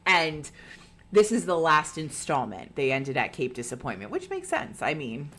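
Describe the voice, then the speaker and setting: A woman's voice: low voice, big pitch swings, moderate pace, a bit bright, slight background noise. A woman co-hosting a podcast, casually retelling a ghost-hunting show, swearing freely and acting out what people said. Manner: chatty, swearing, acting out quotes. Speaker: podcast co-host.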